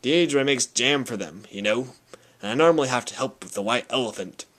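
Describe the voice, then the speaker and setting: A mild, rather bewildered ordinary husband who answers plainly and doubtfully, as a male reader plays him. The delivery is plain, with lively rises and falls in pitch. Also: normal speed. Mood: mild puzzlement. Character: mild, puzzled, ordinary middle-aged Englishman.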